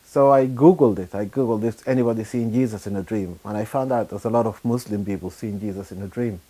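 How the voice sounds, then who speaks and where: A middle-aged man from Sudan, giving a personal testimony in a halting, unhurried way with frequent pauses and fillers. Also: lowish voice, mellow. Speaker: churchgoer giving his testimony.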